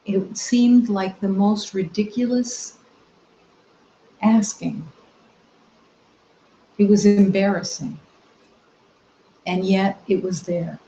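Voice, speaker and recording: A woman spiritual teacher giving a meditative talk, soft-spoken and gentle, with long reflective pauses. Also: mid-range voice, fairly even intonation, slight background noise. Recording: roomy, slightly dull recording.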